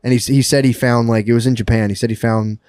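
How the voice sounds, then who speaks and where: A man's voice: mid-range voice, steady tone, quick pace, a little mellow, smooth, dry recording, studio quality. A man co-hosting a podcast, telling a rambling story in casual chat, with heavy swearing and laughing as he goes. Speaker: podcast co-host.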